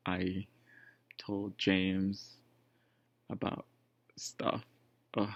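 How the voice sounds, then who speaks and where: A man's voice: fairly low pitch, steady tone, slow pace, vocal fry, long pauses, no room sound. A man casually telling a personal story, rambling with lots of fillers and restarts. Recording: dull lo-fi dry sound.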